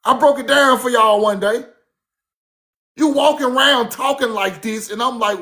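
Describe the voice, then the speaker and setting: A man with a high-pitched voice tells stories in a loose, casual monologue. He swears freely and circles back over the same points to drive them home. His delivery is animated and conversational. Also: moderate pace. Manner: animated, profane, repeats himself for emphasis. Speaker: speaker recounting his grandmother's teachings.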